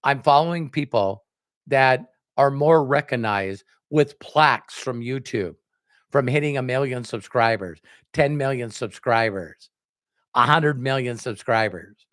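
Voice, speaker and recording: A man, a network marketing speaker, giving a motivational talk on a livestream and acting out remembered conversations with sudden jumps in pitch. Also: unhurried, a bit bright, no room sound, studio quality. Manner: acts out quoted dialogue with jumps in pitch.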